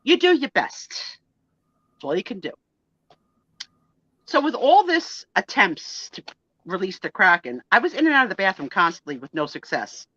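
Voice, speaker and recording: A middle-aged woman hosting a live stream, telling a story in a casual, animated way, laughing and acting out the lines she quotes. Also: mid-range voice, moderate pace, long pauses, slightly rough, dry recording, muffled recording. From United States. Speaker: host.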